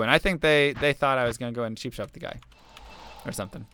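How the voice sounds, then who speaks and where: A man's voice: medium pitch, quick pace, sharp tone, clear, resonant tone. A young man streaming a game, chatting casually and telling an earnest story while making asides about the play. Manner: earnest storytelling, musing aloud between game remarks. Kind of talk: casual chat while playing.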